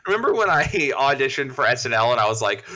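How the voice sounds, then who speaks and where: A man's voice: mid-range voice, very animated, fast, pushed and bright. A man co-hosting a podcast in casual chat, joking around, swearing and laughing often. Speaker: podcast co-host.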